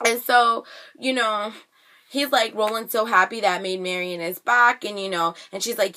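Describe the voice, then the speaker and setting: A young woman vlogger recapping a TV episode in casual chat, animated and sassy, full of slang. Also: medium pitch, unhurried.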